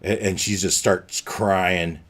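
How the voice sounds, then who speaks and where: Male game master, tabletop narration, low voice, slow, halting. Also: steady tone, fairly bright tone. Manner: halting, many restarts, casual.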